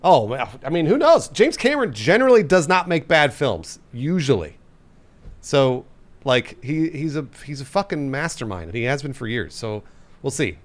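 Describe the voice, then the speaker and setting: A young man hosting a podcast, joking around in a relaxed way and restarting his sentences. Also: medium pitch, normal speed. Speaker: podcast host. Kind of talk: casual chat.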